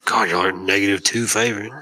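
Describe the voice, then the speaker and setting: A man's voice: fairly low pitch, steady tone, fast talker, pushed and bright, poor audio. A man narrating as game master of a tabletop game, loose and joking, swearing freely.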